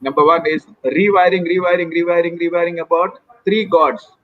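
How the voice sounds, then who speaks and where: A man's voice: fairly high pitch, steady tone, a little fast, dry recording, narrow, tinny audio. A man with an Indian accent, an expert guest explaining things earnestly and at length, slipping Hindi phrases into his English. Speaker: mental health expert guest. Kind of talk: explanatory expert talk in a live Q&A.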